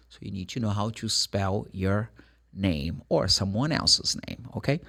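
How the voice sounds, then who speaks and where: A middle-aged man from Brazil, a native Portuguese speaker with a Brazilian accent, giving a casual English lesson and slowly spelling words out letter by letter. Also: on the low side, gravelly, a bit bright. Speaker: English teacher.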